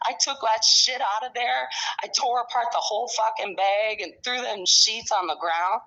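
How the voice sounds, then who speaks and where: A woman's voice: on the high side, normal speed, sharp tone. A middle-aged woman telling a rambling, angry story in casual conversation, cursing often. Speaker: storyteller recounting her own experiences. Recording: dull lo-fi recording.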